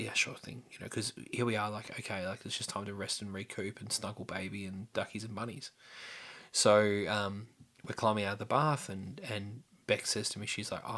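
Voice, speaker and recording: Rambling man with a bright voice. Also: lowish voice. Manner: rambling, candid, with frequent fillers and restarts. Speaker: podcast host. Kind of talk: personal storytelling.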